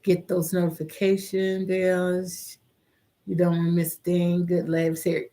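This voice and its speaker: A woman's voice: fairly low pitch, steady tone, normal speed, mellow. A middle-aged woman hosting a casual live-stream chat, reading viewer comments aloud in a heartfelt, caring way.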